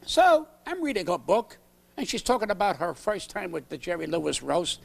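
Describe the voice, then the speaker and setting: Gravelly older man, high-pitched and blunt. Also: very animated, normal speed. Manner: brash, aggrieved storytelling, acts out quoted exchanges. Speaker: comedian guest. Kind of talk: late-night talk show interview. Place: TV studio set.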